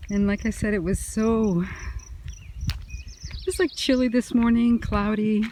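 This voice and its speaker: A woman vlogging casually as she walks outdoors along a quiet country road, talking in a soft, musing way into a handheld phone. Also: mid-range voice, steady tone, slight background noise, rough recording. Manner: slow, soft-spoken, musing. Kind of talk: casual walking vlog. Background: faint crickets and birds.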